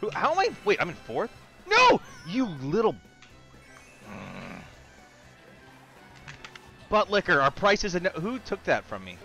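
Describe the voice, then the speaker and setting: A man casually chatting while streaming a kart racing game, excitable, swearing and shouting at the screen. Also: sits high, unhurried, vocal fry, pauses often, faint music behind. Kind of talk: casual live gaming chat.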